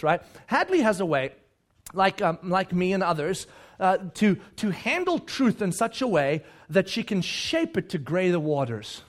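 A middle-aged man preaching a sermon, telling stories and acting out voices. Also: sits high. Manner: animated storytelling, acts out voices. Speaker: pastor.

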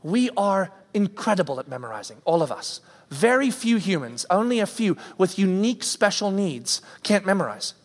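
A man's voice: high-pitched, very animated, normal speed. A man preaching a conversational sermon as a pastor, acting out everyday reactions, recorded with a long hall reverb.

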